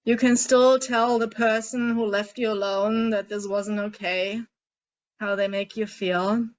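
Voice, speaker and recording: A woman coaching a group through a guided tapping and emotion-release exercise, speaking in a gentle, coaxing way and asking many guiding questions. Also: mid-range voice, steady tone, measured pace, muffled recording. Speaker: emotional eating coach leading a group session.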